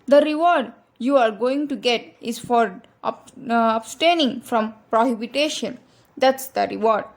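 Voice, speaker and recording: A woman's voice: a little high, unhurried. A woman giving a religious advice talk, earnest and direct, repeating her key points to her listeners. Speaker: Islamic speaker.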